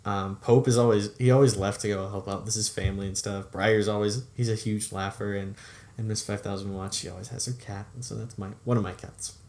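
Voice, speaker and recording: A man's voice: on the low side, steady tone, a little fast, darkish tone. A young man casually commenting on his old videos, chatty and upbeat, laughing often and trailing off. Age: young adult. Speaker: YouTube creator reviewing his own videos.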